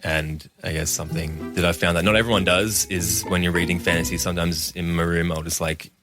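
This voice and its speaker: Deep-voiced young Australian man chatting. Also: level tone, fairly quick. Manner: laughing, self-deprecating, rambling with fillers. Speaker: dating contestant. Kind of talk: casual chat. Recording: music bed under the talk.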